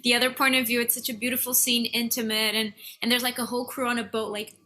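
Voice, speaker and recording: Bright-voiced actress on a video call. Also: female voice, a little high, flat delivery, fast.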